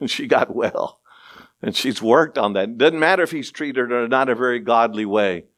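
A middle-aged male pastor preaching a sermon, conversational, with asides and rhetorical questions, swinging from low murmurs to excited raised passages. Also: moderate pace.

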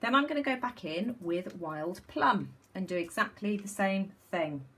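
A woman's voice: mid-range voice, expressive, a little slow, fairly bright tone, husky. A woman chatting enthusiastically through a home craft demonstration, with many ums. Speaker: craft tutorial host. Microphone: camera mic.

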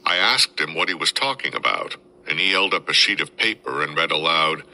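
A man, a podcast host, reading a first-person military memoir aloud in steady storytelling. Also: extremely low pitch, brisk, creaky, few pauses, rough recording.

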